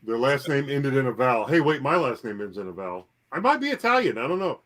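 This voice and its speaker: Guy on a livestream, mid pitch, stumbles over words, dry jokes. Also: big pitch swings, fairly bright tone. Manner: halting, repeats words, dry humor. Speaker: guest reseller. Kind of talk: casual livestream chat.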